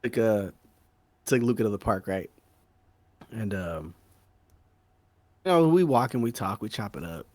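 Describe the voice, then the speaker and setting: A man co-hosting a podcast, telling a story in casual chat, slangy and animated, with "bro" and "dog" peppering his talk. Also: lowish voice, unhurried, pauses often, no room sound. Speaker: podcast co-host.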